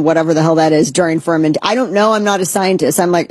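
A woman's voice: fairly low pitch, steady tone, fairly quick, hardly any pauses, a little mellow, no echo. A woman hosting a talk show, giving blunt, sarcastic, rambling commentary. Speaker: podcast host. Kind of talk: opinionated casual commentary.

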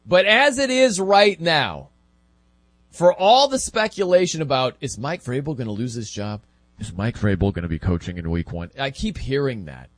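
A man hosting a casual sports talk show, chatty and animated, with laughing asides. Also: medium pitch, normal speed, no room sound.

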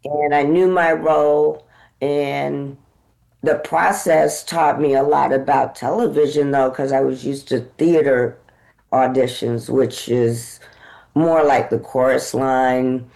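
An American woman actor, a guest in an interview, telling lively stories and acting out the dialogue in them. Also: very deep voice, slow pace, gravelly, rough recording. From United States. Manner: animated, acts out dialogue in her stories. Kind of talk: conversational interview storytelling.

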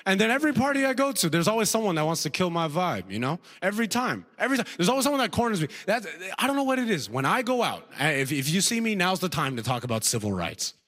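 A man performing a stand-up comedy routine, animated and laughing at his own jokes. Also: high voice, fast, few pauses. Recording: long hall reverb.

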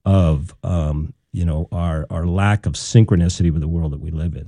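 A middle-aged man with a very low voice, talking as a guest on a radio show. His tone is mellow and warm, and he thinks aloud, circling back with fillers and small restarts. The sound is dry and close. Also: fairly even intonation, moderate pace, no room sound. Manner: thoughtful, loose with restarts and fillers. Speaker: guest, communication researcher. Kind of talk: casual radio interview.

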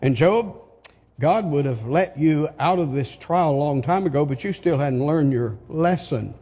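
An older man preaching a sermon, slow and emphatic, asking his listeners rhetorical questions. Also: a little high, animated, mellow, breathy edge. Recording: long hall reverb.

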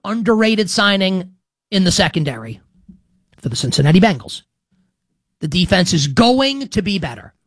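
A man's voice: high-pitched, a bit bright, dry recording. Chatty, rambling male sports show host. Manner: chatty and rambling, with frequent restarts and "like". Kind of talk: casual talk-show monologue.

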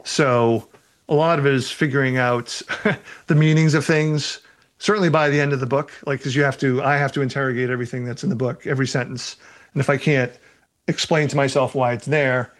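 A man who writes novels reads aloud from his book and answers reader questions in a relaxed way, laughing often. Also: mid-range voice, brisk. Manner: relaxed, laughs often, uses fillers such as "you know".

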